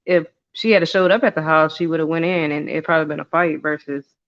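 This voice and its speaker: A man with a high, smooth, resonant voice talks through a TV recap at an easy, thoughtful pace. He hedges often and pauses on "um" before giving his view. The audio is slightly dull and lo-fi. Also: steady tone, a bit bright. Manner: thoughtful and hedging, many "um"s and "I don't know"s. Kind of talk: casual recap chat.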